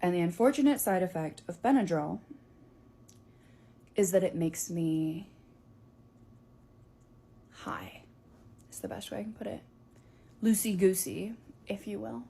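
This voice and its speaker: A young woman telling a story in a casual, animated, chatty way, with many fillers. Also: fairly low pitch, unhurried, gravelly, long pauses, husky.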